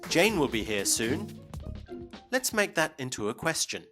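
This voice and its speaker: A man presenting a scripted English lesson, speaking clearly and slowly for learners. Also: on the high side, very animated, pushed and bright, soft background music. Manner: clear, slow teaching delivery. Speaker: English teacher.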